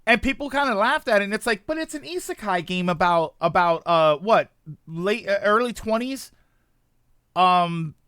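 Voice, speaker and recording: High, bright-voiced male streamer. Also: moderate pace, clean tone, dry recording, clean studio sound. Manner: animated, rambling, reads chat. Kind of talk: casual stream commentary.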